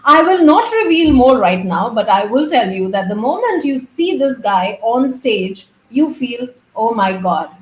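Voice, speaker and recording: A woman's voice: a little high, expressive, a little slow, hardly any pauses, echoey room, poor audio. A woman hosting a talk show interview, chatty, effusive and playful as she introduces and questions her guest. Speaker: host.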